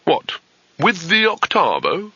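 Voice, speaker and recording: A man voicing a cowardly young male wizard who talks in a flustered, squeaky way. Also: wildly swooping pitch, takes it slowly, pushed and bright, breathy edge, no room sound, heavily acted. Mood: nervous. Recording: slightly dull, dry audiobook recording.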